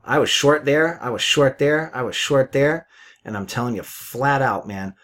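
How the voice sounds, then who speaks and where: Brief: middle-aged male forex mentor, blunt and profane, live market commentary, chatty with laughs, pitch rises and falls a lot. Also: a bit bright. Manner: blunt, swears, repeats himself; chatty, laughs at his own jokes.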